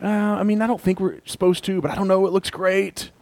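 A man's voice: sits high, fairly even intonation, brisk, a little mellow, dry recording. A young man giving a casual sermon, laughing often and acting out inner voices. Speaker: pastor.

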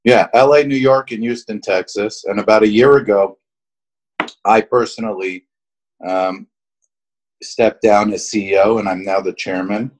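Male guest with a low, slightly raspy voice, sincere and thoughtful. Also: steady tone, a little slow, pauses often, low-quality recording. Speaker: guest, company chairman. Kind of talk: podcast interview.

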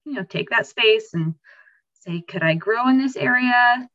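A woman's voice: fairly high pitch, animated, measured pace, bright, forceful tone, dry recording, muffled recording. A woman hosting a podcast in casual conversation, earnestly asking reflective questions. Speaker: podcast host.

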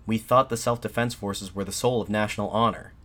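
A man voicing a defiant nationalist addressing soldiers from a balcony, in an impassioned, shouted pleading manner. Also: fairly low pitch, fairly even intonation, a little fast, close to an everyday voice. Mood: fervent, shouting.

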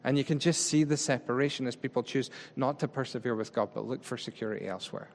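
A man's voice: medium pitch, a little hiss or hum. A man preaching a conversational sermon, chatty and informal, acting out paraphrased speech as he explains a text. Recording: long reverb of a large hall.

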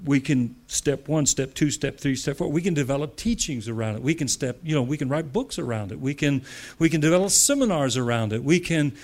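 A man from the US preaches to church leaders in a voice on the high side, speaking fairly quickly. He stays conversational with frequent asides, uses repetition for effect, and swells into loud, emphatic statements.

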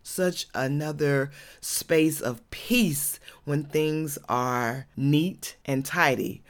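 A woman's voice: sits low, very slow. A woman from Georgia, hosting her own podcast in a casual, chatty way, laughing often and saying y'all. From Georgia, USA. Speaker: podcast host.

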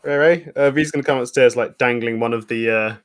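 A man's voice: mid-range voice, fairly quick. A man playing a tabletop game, chatty and amused. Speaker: player. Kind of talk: tabletop role-play chat.

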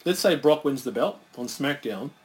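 A man's voice: mid-range voice, animated, normal speed, darkish tone. Chatty man speculating over wrestling. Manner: chatty, speculative, laughs often. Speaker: co-host. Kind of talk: casual watch-along chat. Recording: faint background noise, lawnmower outside.

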